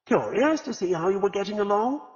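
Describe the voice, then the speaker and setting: A man playing a pompous, evasive gentleman. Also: high voice, big pitch swings, a little fast, voice pushed up. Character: pompous, self-satisfied gentleman. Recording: reverberant, slightly dull audiobook recording.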